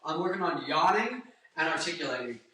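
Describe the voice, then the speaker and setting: A man's voice: fairly high pitch, animated, brisk, recorded from a distance, very noisy. A man in his twenties, a singer, talking casually about vocal technique in a rambling, jokey way and breaking into sung snippets. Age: 20s. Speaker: singer and guitarist giving vocal tips. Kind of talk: casual vlog with sung demonstrations. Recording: echoey room, voice a bit off-mic.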